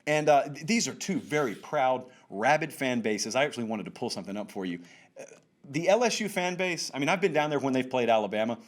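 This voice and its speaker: A man's voice: medium pitch, lively intonation, fairly quick. A man hosting a sports talk show, wry and sarcastic, with emphatic rising lines. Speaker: show host. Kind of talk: animated sports talk commentary.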